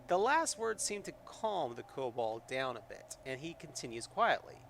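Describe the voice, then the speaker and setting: A man's voice: medium pitch, expressive, a little slow, a bit bright, slight background noise. Rambling man streaming a solo game. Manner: rambling, many fillers and restarts. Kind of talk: live solo tabletop game, narrating and chatting.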